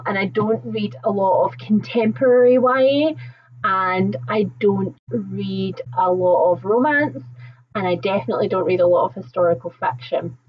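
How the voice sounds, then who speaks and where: A woman with a softened Scottish accent hosting a casual book livestream, chatting warmly with viewers, reading out their comments and laughing often. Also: mid-range voice, husky, dull audio. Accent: Scottish, toned down. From Scotland. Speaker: book channel host.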